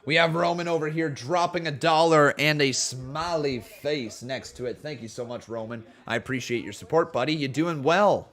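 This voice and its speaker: A slightly high male voice runs at a moderate pace with hardly any pauses. Calling vintage wrestling on a casual live stream, he reads chat aloud and swings from laid-back play-by-play to hyped shouting. His voice is a little sore and weary.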